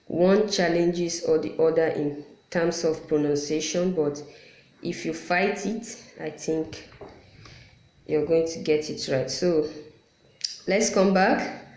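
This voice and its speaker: A woman with a lowish voice gives an unhurried lesson, repeating each letter sound patiently to demonstrate it. Her voice rings in a roomy, echoey space. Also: darkish tone. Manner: apologetic asides. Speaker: Quran recitation teacher. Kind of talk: explanatory lesson. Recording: roomy echo.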